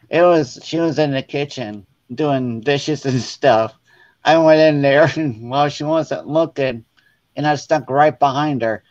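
A man, a guest on a casual crafting chat, telling funny stories in a lively way and acting out the voices of the people in them. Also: a little high, slow. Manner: animated, acts out quoted voices. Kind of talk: casual storytelling. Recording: dull lo-fi sound.

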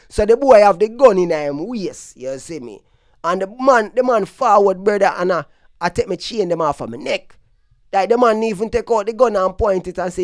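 Man, Jamaican-New York accent, slightly high voice, dry close sound, animated vlog storytelling. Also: normal speed, no echo. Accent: Jamaican patois mixed with New York. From Brooklyn, New York. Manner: animated storytelling, switching between patois and New York slang. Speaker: dancehall news vlogger. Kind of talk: casual commentary vlog.

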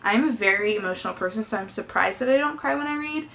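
A young woman talks through a book tag on her vlog, bright and a little sharp in tone. She gushes freely and fills her talk with casual fillers. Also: mid-range voice, lively intonation, quick pace, gravelly. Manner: chatty and effusive, lots of "definitely" and "like". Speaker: book vlogger.

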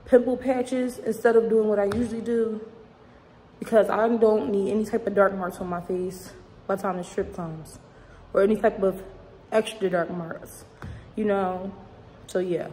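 Young woman vlogger, casual and rambling, mid pitch, echoey room. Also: mellow, a little hiss or hum. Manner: chatty, rambling, uses y'all and slang. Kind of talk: casual chat to camera. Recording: echoey room with long reverb.

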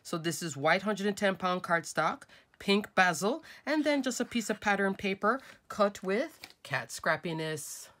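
A woman's voice: medium pitch, animated, measured pace, fairly bright tone. A middle-aged woman, nasal from a cold, chatting her way through a step-by-step craft tutorial at her desk and talking to viewers as folks and crafters.

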